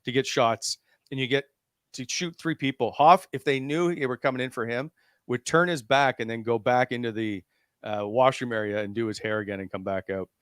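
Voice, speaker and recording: Brief: relaxed male show host, filler-heavy ad reads, dry close voice. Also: mid-range voice, brisk, clean tone, no room sound. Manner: loose and chatty, many "uh" fillers while reading ads. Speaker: podcast host. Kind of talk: casual chat and live sponsor reads.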